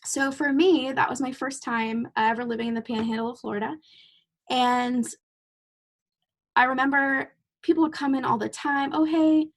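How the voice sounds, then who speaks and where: A woman in her thirties hosts a casual podcast conversation as a chatty storyteller, laughing easily as she tells her stories. Her voice sits a little high and has a gravelly, vocal-fry edge. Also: steady tone, moderate pace. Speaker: podcast host and clinician.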